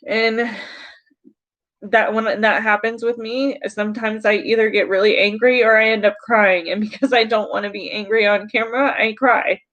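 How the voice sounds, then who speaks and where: A woman's voice: on the high side, fairly even intonation, normal speed, fairly bright tone, dull audio. A woman streaming live to her chat, congested from crying and frustrated, talking through what happened. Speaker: YouTuber on a livestream. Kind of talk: emotional livestream talk to chat.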